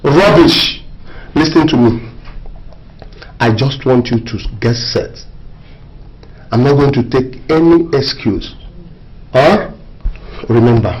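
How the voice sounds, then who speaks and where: A man's voice: medium pitch, a little mellow, muffled recording, natural voice. An actor playing a jealous, scheming male lover who gives orders and will not share his woman. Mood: commanding. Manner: domineering, commanding. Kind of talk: Nollywood film acting.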